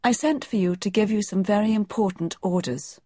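A woman's voice: mid-range voice, fairly quick, dark tone, no echo, studio quality, voice pushed up, natural voice. A woman playing Colin, an imperious sickly boy. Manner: lordly, commanding.

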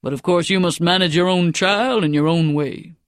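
A woman's voice: fairly low pitch, normal speed, no room sound, clean studio sound, natural voice. A woman reading a storybook and voicing an easygoing, teasing grandfather. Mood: amused. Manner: amused, easygoing. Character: genial older grandfather, teasing.

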